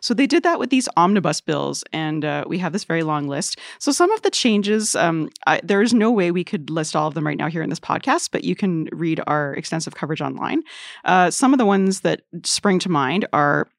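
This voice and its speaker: A woman's voice: lowish voice, animated, gravelly, no echo. Woman, podcast host, chatty, dry studio sound. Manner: chatty, quick asides and laughs. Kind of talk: casual news podcast chat. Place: studio room with other guests.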